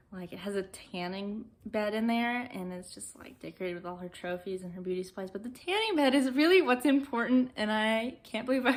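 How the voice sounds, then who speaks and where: Young woman, chatty movie recap, laughs a lot, echoey room. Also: mid-range voice. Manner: chatty, laughs often, quotes characters in hushed voices.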